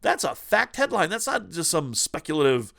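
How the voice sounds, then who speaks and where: A man's voice: on the high side, big pitch swings, normal speed, vocal fry, pushed and bright. A man hosting a retro gaming news vlog who rants about the news in a profane, sarcastic way. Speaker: retro gaming channel host.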